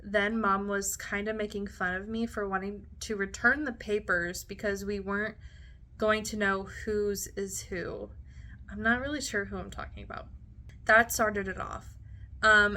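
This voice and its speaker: A woman in her late twenties reads entries from her teenage diary in a casual vlog. Her voice is bright, and she is chatty and giggly, stopping often for asides. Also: mid-range voice, steady tone, moderate pace. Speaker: vlogger reading her old diary. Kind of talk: casual diary reading with commentary.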